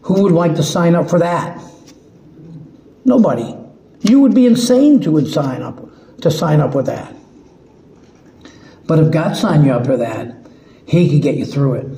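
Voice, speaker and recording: Male preacher, fairly high-pitched, unhurried and earnest, stumbling over restarts; roomy sound. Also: expressive, mellow, slight background noise. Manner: slow, earnest, halting with restarts. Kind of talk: sermon. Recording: echoey room.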